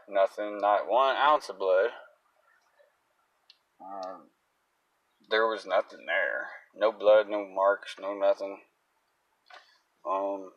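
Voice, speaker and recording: A man's voice: fairly low pitch, no echo, recorded from a distance, muffled recording. A man in a casual, agitated rant, talking bluntly and swearing often. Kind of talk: casual profane rant to camera.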